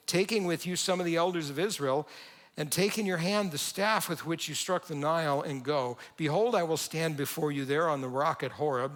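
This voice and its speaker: A male pastor preaching in a church, his voice pitched a little above the usual for a man. He talks in a conversational, animated way and gives the quoted lines their own voices. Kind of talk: sermon. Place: church sanctuary.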